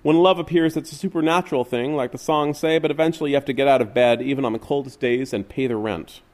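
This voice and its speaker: A man reading literary fiction aloud in a measured, wistful way. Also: mid-range voice, darkish tone. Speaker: reader.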